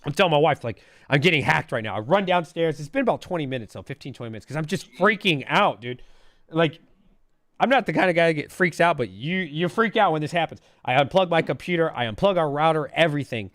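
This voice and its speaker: A man's voice: fairly high pitch, expressive, fast, fairly bright tone, no room sound, studio quality. A man in his thirties calling in, telling a story in casual chat, full of "bro" and "dude" and imitating alert sounds. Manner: says "bro" and "dude" a lot. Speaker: caller.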